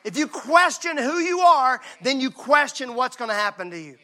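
A male pastor preaching a sermon. He swings from hushed, intimate lines to loud, shouted emphasis. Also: extremely high pitch.

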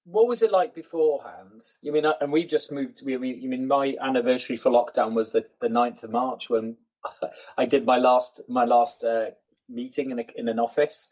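A man's voice: mid-range voice, normal speed, a little mellow, poor audio. A man from South Wales with a Welsh accent, a guest chatting casually on a podcast and rambling through many fillers and restarts. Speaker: guest, IT collaboration lead.

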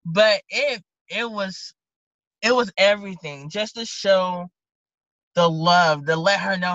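A woman deputy with a Southern accent recounts a story from her job. Her voice is bright and pushing forward, and she animatedly plays both herself and the people she talks to. The recording is dry and a little dull. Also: medium pitch, slow, dry recording. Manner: animated, acts out both sides of conversations. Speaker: county deputy sheriff. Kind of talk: casual interview storytelling. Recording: dull lo-fi podcast audio.

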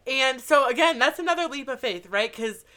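A woman's voice: high-pitched, fairly quick. A woman in her thirties, earnestly telling a personal story in casual chat, saying "like" often. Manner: earnest, animated storytelling with frequent "like".

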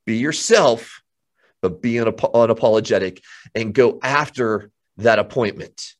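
Energetic man giving a pep talk. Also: medium pitch, normal speed. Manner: energetic, emphatic, repeats words. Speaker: real estate coach. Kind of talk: motivational talk.

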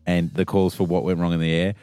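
A woman's voice: very deep voice, level tone, fast, warm tone, smooth, dry recording. A woman radio co-host, bantering in a teasing, sarcastic way. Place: radio studio.

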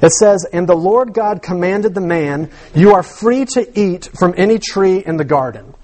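Animated preacher man, high voice. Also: normal speed. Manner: animated teaching with rhetorical questions and repeated words. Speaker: pastor. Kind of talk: sermon.

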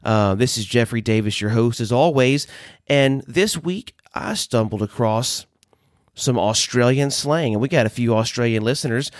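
Man, podcast host, casual, joking, mid-pitched, dry close sound. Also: normal speed, dry recording. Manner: playful, swearing, laughs at himself. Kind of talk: casual solo podcast monologue.

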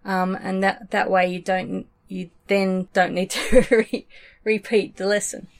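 A woman co-host jumps in with agreement and adds practical tips in casual conversation. Her voice has a middle pitch. She laughs easily between points. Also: little pitch movement, measured pace. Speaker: podcast co-host. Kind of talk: casual chat.

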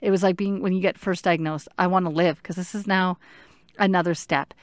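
A woman in her thirties telling her own story in an earnest, halting way, stopping to search for words. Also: on the low side, fairly even intonation, dry recording, studio quality. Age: 30s. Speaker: patient sharing her story. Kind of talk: personal storytelling.

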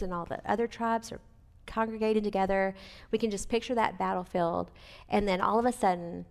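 Woman, Bible study teacher, casual and chatty, slight fry in the voice, asks listeners questions. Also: mid-range voice, darkish tone.

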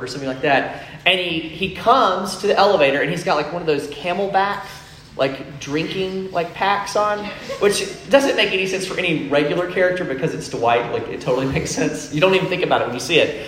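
Brief: young male preacher, slightly high voice, relaxed chatty delivery, roomy echo with faint background hum. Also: fairly quick. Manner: casual storytelling with many fillers. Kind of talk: sermon. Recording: echoey room, faint ambience.

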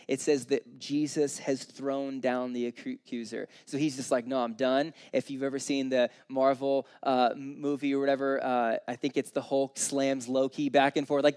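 This pastor, a man in his thirties, speaks at medium pitch with a darkish, clean tone. His sermon is casual yet earnest; he numbers his points as he goes and performs quotations in a chatty way.

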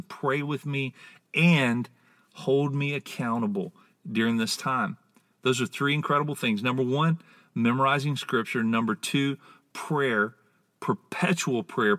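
Slow, bright-voiced male preacher. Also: medium pitch. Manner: deliberate, emphatic, drawn-out words for stress. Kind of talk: spoken sermon teaching.

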